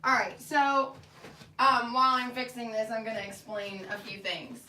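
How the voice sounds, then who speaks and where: A woman's voice: on the high side, steady tone, normal speed, pushed and bright, slight background noise. A young adult woman, a nurse, speaking candidly and emotionally in a rambling personal vlog, with frequent fillers. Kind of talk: personal vlog to friends and family.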